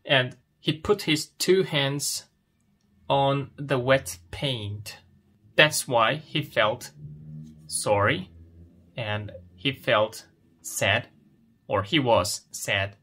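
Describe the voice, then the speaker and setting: A man teaches English at a very unhurried pace. His voice is bright and forward, and he asks simple questions about a picture story and then answers them himself. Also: medium pitch, breathy edge. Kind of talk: slow explanatory lesson, reading a picture story.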